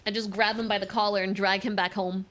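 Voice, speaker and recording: A woman's voice: mid-range voice, little pitch movement, quick pace, fairly bright tone, a little hiss or hum. A young woman livestreaming a video game, giving playful, teasing running commentary to her chat and her in-game companion. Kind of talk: casual gameplay commentary.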